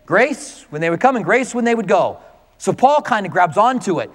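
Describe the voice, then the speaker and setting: A male pastor preaching a conversational, animated sermon to his congregation. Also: high-pitched, normal speed, big-room sound.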